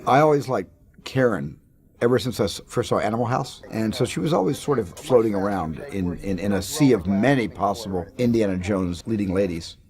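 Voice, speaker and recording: Brief: male director, lowish voice, relaxed anecdotal interview. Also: fairly quick. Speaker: film director. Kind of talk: reflective interview.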